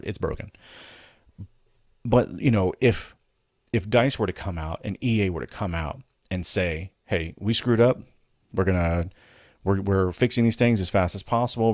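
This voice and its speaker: A man with a deep, low voice gives his opinions in a loose, rambling way. He swears freely and restarts his sentences often. The sound is dry and close, with no room echo. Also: darkish tone. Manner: blunt and profane, rambling with restarts. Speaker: host. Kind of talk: casual opinion commentary.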